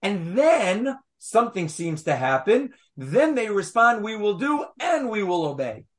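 A man's voice: high-pitched, very animated, unhurried. A man teaching Torah to a small group, reading verses aloud and pressing his listeners with rhetorical questions. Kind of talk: animated text study with a small group.

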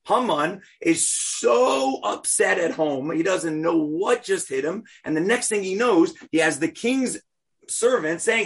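A man retells a story as a lesson, lively and playful. He keeps asking rhetorical questions. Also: sits high, a little slow, creaky, slightly rough.

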